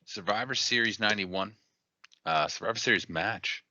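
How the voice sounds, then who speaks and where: A very deep-voiced man co-hosts a podcast in easygoing casual chat and agrees readily. His tone is strikingly bright and forceful. The sound is dry and dull. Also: moderate pace, dry recording. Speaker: podcast co-host.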